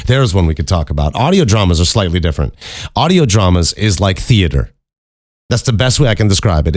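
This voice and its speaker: Deep-voiced man hosting a casual podcast. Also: dry recording, studio quality. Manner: candid, profane, rambling with frequent restarts. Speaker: podcast host. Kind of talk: casual solo podcast talk.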